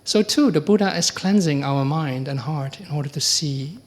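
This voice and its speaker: Monk giving a dharma talk, fairly high voice, keeps asking the room "right?". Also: male voice, normal speed. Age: middle-aged or older. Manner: conversational, asks the audience rhetorical questions; acts out quoted exchanges with lively pitch jumps. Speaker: Buddhist monk teacher.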